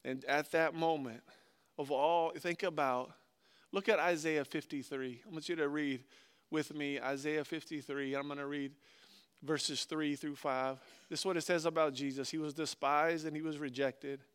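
A man preaching a sermon and reading scripture aloud, earnestly swinging between loud stresses and hushed, slowed phrases. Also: a little high, steady tone, smooth. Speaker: pastor.

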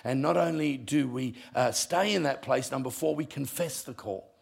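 A male pastor, preaching a sermon with punchy humour and sudden drops to quiet. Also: mid-range voice, normal speed, gravelly, husky.

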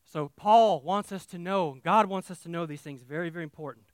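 A male pastor preaching a sermon, talking straight to his congregation and swinging from quiet asides to loud, emphatic declarations. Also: fairly high pitch, fairly quick, clear, resonant tone, no echo, clean studio sound. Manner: talks directly to the congregation.

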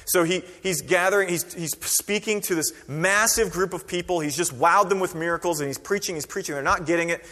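Animated male preacher in a reverberant hall. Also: high-pitched, a little fast, hardly any pauses. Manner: conversational, animated preacher who acts out quoted voices. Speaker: pastor. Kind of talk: sermon.

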